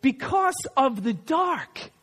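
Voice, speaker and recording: Scared little storybook cub, slow and high, read by a man. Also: very animated, a bit bright, long reverb tail, heavily acted. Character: small frightened bear cub from a storybook.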